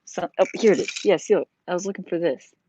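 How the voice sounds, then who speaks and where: Rambling hobby vlogger, mid pitch, filler-heavy casual chat, dull lo-fi recording. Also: fast, warm tone, a little hiss or hum. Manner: rambling, lots of "like" and "you know". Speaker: vlogger building a model. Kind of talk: casual chat while building. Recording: dull lo-fi sound.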